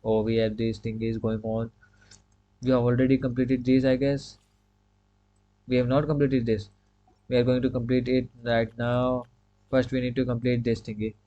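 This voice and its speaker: A man's voice: mid-range voice, little pitch movement, moderate pace, long pauses, muffled recording. A man giving casual commentary while he plays a video game. He talks himself through each move, repeats short commands and keeps filling gaps with "you can say.". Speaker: gaming streamer.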